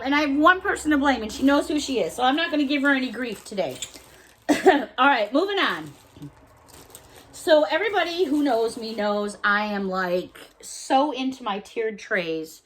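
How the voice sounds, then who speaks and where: A woman's voice: high-pitched, bright, forceful tone. A woman from the Chicago area chatting casually through a shopping haul vlog, gushing and playful, close to the camera. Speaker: haul vlogger.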